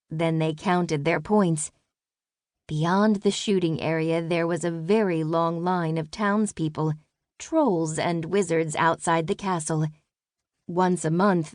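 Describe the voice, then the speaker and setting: A woman reading a children's fantasy audiobook, calm and measured. Her voice sits low and moves slowly, and the recording is close and dry. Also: dry recording. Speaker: audiobook narrator. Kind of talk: scripted children's audiobook narration.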